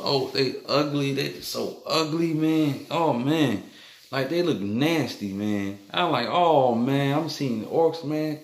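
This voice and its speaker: A man with a mid-range voice talks through a dream in a loose, rambling monologue, circling back on himself with fillers. His voice bounces around a roomy, echoey space. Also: medium pitch. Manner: rambling, repetitive, loose filler-heavy storytelling. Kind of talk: rambling dream recounting to camera. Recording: echoey room.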